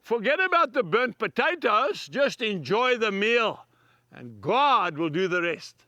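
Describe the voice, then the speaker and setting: A man's voice: sits high, big pitch swings, unhurried, pushed and bright, no room sound, muffled recording. A man preaching a devotional TV talk, earnest and emphatic, speaking directly to the viewers. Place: filming set with camera crew.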